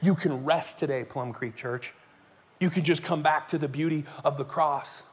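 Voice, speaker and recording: In a church sanctuary, a pastor preaches to his congregation, spinning stories conversationally and putting questions to the listeners. His voice sits fairly high, and he keeps a moderate pace.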